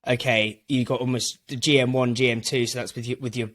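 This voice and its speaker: A man's voice: medium pitch, little pitch movement, a little fast, a bit bright. A man hosting a podcast, talking in a chatty, rambling way. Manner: chatty, rambling, laughs mid-story. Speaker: podcast host. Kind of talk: casual business chat.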